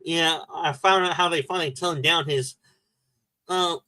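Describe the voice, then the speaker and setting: A man co-hosting a casual livestream chat, talking haltingly with frequent restarts. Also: on the high side, fairly even intonation, sharp tone, no echo. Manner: halting, stumbles and restarts words. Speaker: livestream co-host.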